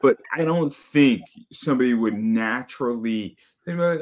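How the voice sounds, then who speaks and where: A man hosting a podcast in casual chat, talking bluntly with swearing and animated storytelling. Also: mid-range voice, normal speed, hardly any pauses. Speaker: podcast host.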